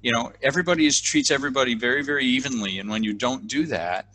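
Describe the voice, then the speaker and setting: A man's voice: mid-range voice, fast, sharp tone, slight background noise. A middle-aged man with an American accent, chatting as an interview guest and often repeating words as he restarts. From United States. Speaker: guest, leadership trainer. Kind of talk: casual interview chat.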